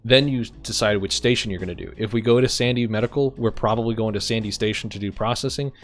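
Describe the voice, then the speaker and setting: A man in a roleplay game, playing a police sergeant who explains arrest procedure to recruits in a steady, methodical way with frequent ums. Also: on the low side, quick pace, faint music behind. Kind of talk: instructional roleplay briefing.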